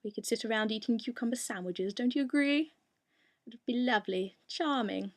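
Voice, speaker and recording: A polite, prim young English gentleman speaks with fussy, genteel courtesy, as a woman puts him on. His voice sits a little high, with a gravelly fry underneath. This is a home voice-meme performance. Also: brisk, lightly acted.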